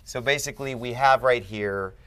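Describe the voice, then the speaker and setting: A man with a medium-pitched, slightly bright, clean-toned voice speaks at normal speed. He's a Greek tutor giving a one-on-one language lesson, explaining step by step and often checking that the student is following.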